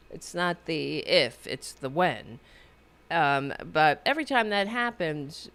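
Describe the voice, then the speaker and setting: A woman's voice: fairly low pitch, fairly bright tone, clear, resonant tone. A woman hosting a political podcast, rambling through sarcastic commentary with many restarts. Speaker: podcast host.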